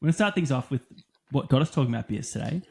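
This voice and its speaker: Playful man, mid-pitched voice. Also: animated, racing, gravelly, darkish tone, breathy edge. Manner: playful, teasing, runs the games. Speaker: podcast co-host. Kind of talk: casual chat.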